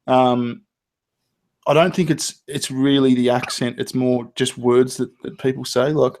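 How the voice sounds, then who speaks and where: A man's voice: medium pitch, flat delivery, a little slow, a little mellow, a little hiss or hum. An Australian man hosting a casual live-stream chat, swearing freely and stumbling through restarts. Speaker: podcast host.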